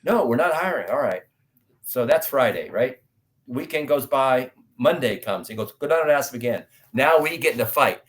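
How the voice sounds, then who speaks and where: A middle-aged man from the United States, an actor guest telling stories in an interview and acting out dialogue loudly. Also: mid-range voice, normal speed. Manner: animated storyteller, acts out dialogue loudly. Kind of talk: storytelling interview talk.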